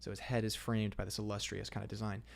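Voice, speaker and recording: A man's voice: lowish voice, little pitch movement, creaky. A young man casually chatting on a livestream, reading out comments and rambling with lots of fillers. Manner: laid-back and rambling, drawn-out fillers, calls chat "man". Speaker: illustrator streaming live.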